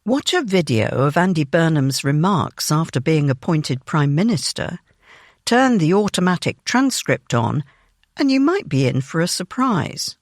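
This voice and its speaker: News feature narration, measured reading, lively pitch, dry close studio sound. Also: dry recording. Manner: measured, even reading of a written article.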